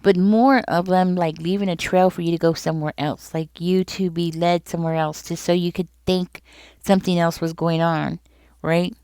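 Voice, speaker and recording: Speaking to her viewers directly, a woman gives a relaxed tarot reading in a warm, clear, resonant voice that sits lowish and stays fairly even at a moderate pace. Her talk is loose and repetitive, she frequently checks in with her audience, and there's no room sound.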